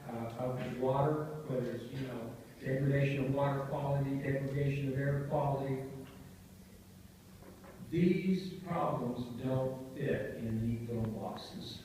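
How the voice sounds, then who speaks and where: A man giving a conference talk, telling a story and acting out the quotes with lively emphasis. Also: mid-range voice, slight background noise. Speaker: conference speaker. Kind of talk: storytelling keynote speech. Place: large conference hall. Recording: echoey hall, voice from far off.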